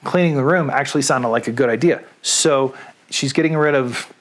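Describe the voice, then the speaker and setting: A man's voice: mid-range voice, moderate pace. A middle-aged man and radio DJ, talking to camera alone in a small room at home in a chatty, rambling, self-deprecating way. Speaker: radio DJ and video host. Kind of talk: casual rambling monologue to camera. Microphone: studio microphone.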